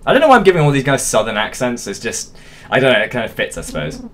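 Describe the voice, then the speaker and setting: Excitable swearing man playing a game. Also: medium pitch, quick pace. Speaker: let's play host. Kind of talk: casual game commentary.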